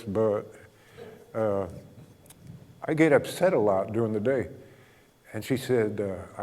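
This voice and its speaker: Man telling stories in a reverberant hall. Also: medium pitch. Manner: relaxed anecdotal storytelling, acts out both sides of dialogue, chuckles often. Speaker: speaker telling a counseling story. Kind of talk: storytelling talk to a group.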